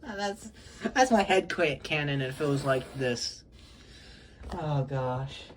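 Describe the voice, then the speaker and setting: A man's voice: fairly high pitch, lively intonation, slow pace, a little hiss or hum. A teenage boy showing off his Lego models in a casual, rambling vlog, chatty and self-conscious, often apologizing and giggling. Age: teens.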